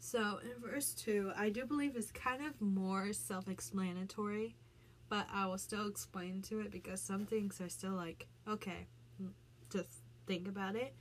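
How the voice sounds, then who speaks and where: A woman's voice: mid-range voice, steady tone, unhurried. A woman talking casually as a vlogger, explaining the meaning of song lyrics with many fillers and restarts. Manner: chatty, frequent "like" fillers and restarts.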